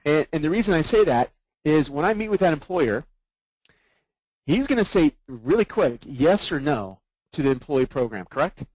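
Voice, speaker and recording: Sales trainer, man, fairly high voice, dry and dull lo-fi webinar sound, keeps quizzing his team as he goes. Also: very animated, moderate pace, darkish tone, dry recording. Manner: keeps checking in with the group through rhetorical questions.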